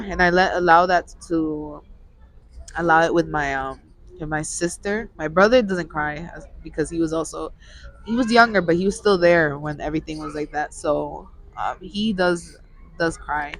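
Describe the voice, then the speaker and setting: A woman's voice: lowish voice, moderate pace, slight background noise, rough recording. A young woman on a podcast, talking in a casual, rambling way and often restarting her sentences. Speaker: podcast co-host. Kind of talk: casual chat. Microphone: studio mic.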